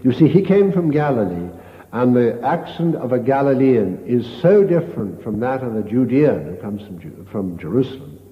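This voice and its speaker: An older man, a priest, giving a retreat meditation as a slow, storytelling sermon with hushed quoted lines. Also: mid-range voice, big pitch swings. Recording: dull lo-fi tape in a reverberant hall.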